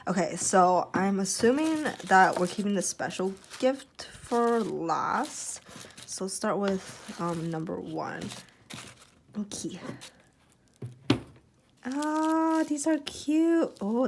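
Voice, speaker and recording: Excitable giggly young woman unboxing. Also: fairly low pitch, slight background noise. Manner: excitable, squealing and giggling often. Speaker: vlogger opening a package. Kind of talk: casual unboxing chat.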